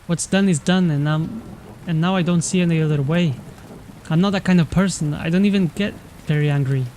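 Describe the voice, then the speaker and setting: A man voicing a frightened, remorseful teenage boy in a story game, speaking haltingly and stammering. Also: fairly high pitch, darkish tone, slight background noise, natural voice. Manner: halting, stammering, full of self-blame.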